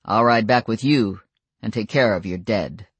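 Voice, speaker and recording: An audiobook narrator voicing a reserved werewolf man who speaks in flat, measured, formal tones. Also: medium pitch, breathy edge, no room sound, voice pushed down. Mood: grave. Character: calm, stern male werewolf elder, few words.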